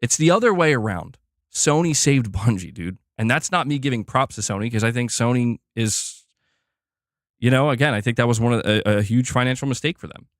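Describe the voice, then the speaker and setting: A man speaking at a middle pitch, delivering a blunt, opinionated solo commentary. He is emphatic, swears freely, and circles back over his own points. The voice is recorded dry and close, with no room sound. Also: lively intonation, fairly quick, no room sound. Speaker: gaming news commentator.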